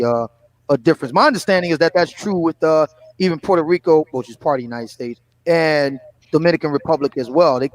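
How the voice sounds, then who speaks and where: A man's voice: medium pitch, poor audio. A man in casual conversation who talks hesitantly, repeating words and leaning on fillers. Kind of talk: casual chat.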